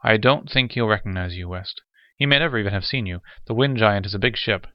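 A man voicing a grave, thoughtful official who explains things in a measured way. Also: on the low side, no echo, natural voice. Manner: measured, dull-toned.

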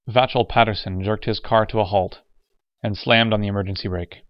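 A male narrator with a low voice reads the story in steady, measured scripted narration. The recording is dull with a narrow band and dry with no room sound. Every line comes out even and deliberate. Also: dry recording. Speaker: audiobook narrator.

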